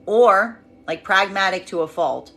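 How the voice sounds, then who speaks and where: Expressive woman giving a tarot reading. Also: mid-range voice, unhurried. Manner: expressive, acts out quoted voices. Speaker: tarot reader.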